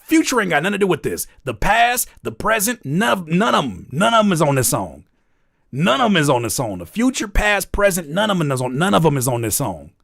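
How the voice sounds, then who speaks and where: Animated, profane man hosting a music review stream. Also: a little high, fairly quick, gravelly, no room sound, studio quality. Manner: profane, animated, mocking jokes and wordplay. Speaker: music reviewer and livestream host. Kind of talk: live music feedback stream, joking and critiquing.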